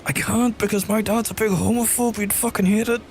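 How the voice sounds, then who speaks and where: A man streaming live, overwhelmed and swearing, holding back from shouting. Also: high-pitched, steady tone, fairly quick, soft background music. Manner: emotional, swearing, restrained from shouting. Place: room at home.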